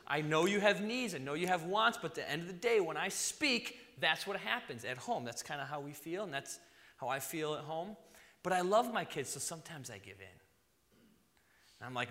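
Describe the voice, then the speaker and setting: A man who is a father, preaching a sermon, swinging between loud emphasis and soft near-whispers. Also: on the high side, lively intonation, fairly quick, in a large hall. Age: young adult to middle-aged, a father.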